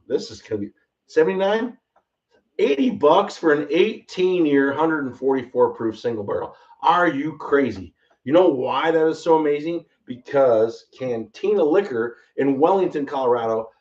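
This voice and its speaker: An excitable man hosts a rambling bourbon tasting, talking at an ordinary pitch. He is heard from a little away from the mic, and the sound is dull and lo-fi. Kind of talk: casual livestream tasting chat. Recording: slightly distant, dull lo-fi mic.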